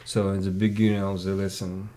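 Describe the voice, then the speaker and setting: A man's voice: sits low, level tone, brisk, mellow. A man tutoring English one-on-one, patiently drilling pronunciation by repeating sounds. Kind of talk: one-on-one language lesson.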